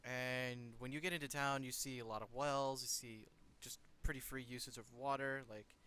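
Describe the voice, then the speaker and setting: A young man narrating as game master, halting and repeating himself as he goes. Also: medium pitch, fairly even intonation, bright, forceful tone, clear, resonant tone.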